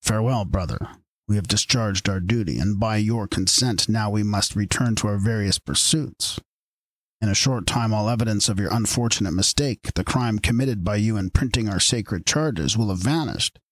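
A man's voice: fairly low pitch, normal speed, no echo, close to an everyday voice. A man reading as a grave, solemn secret-order spokesman. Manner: grave, formal pronouncements. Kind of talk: audiobook reading.

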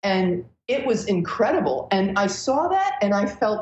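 A woman astrologer as a podcast guest, telling stories in an animated, breathless way with many restarts. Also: medium pitch, measured pace. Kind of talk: casual podcast interview. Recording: roomy, dull lo-fi sound.

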